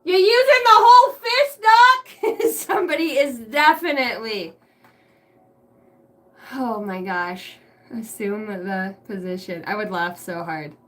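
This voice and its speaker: A woman's voice: high-pitched, expressive, a little slow, fairly bright tone. A woman doing a casual tarot reading, swearing freely and breaking into laughter often. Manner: giggly, crude, keeps breaking into laughter. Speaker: tarot reader.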